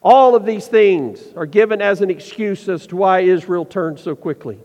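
A man preaching a sermon, asking the listeners pointed questions and slowing down to stress his points. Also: high-pitched, darkish tone. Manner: preaching with rhetorical questions and slowed emphasis. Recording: dull sound with long reverb.

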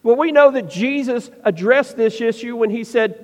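A man preaching a sermon, asking the listeners pointed questions and slowing down to stress his points. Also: extremely high pitch, darkish tone. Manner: preaching with rhetorical questions and slowed emphasis. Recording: dull sound with long reverb.

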